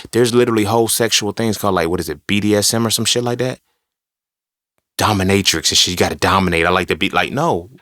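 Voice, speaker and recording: A man's voice: lowish voice, a bit bright, no echo, clean studio sound. A man hosting a podcast, talking alone in a casual, rambling, profane and emphatic way, often checking in with "you feel me". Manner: frequent 'you feel me' asides. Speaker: podcast host. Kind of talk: casual solo monologue.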